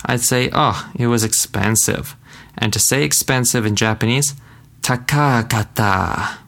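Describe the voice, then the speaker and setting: A man gives a casual language lesson in a relaxed, chatty way. His voice sits low and has a gravelly edge. He drawls the practice phrases out slowly and repeats them. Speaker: language teacher.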